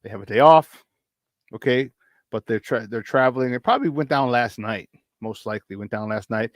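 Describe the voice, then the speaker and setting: A man's voice: medium pitch, brisk, dry recording. A man hosting a casual morning sports talk show, upbeat and chatty, often repeating himself and laughing.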